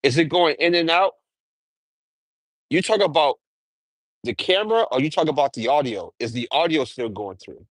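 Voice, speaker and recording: A young man streaming from his garage, chatting casually and excitably in slang, often breaking into impressions and humming. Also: a little high, moderate pace, pauses often, no room sound.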